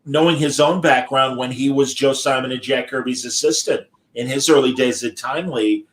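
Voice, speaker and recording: A man's voice: medium pitch, moderate pace. Rambling male host in an echoey room. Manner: rambling, restarts often with fillers. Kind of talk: casual interview chat. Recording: echoey room with faint noise.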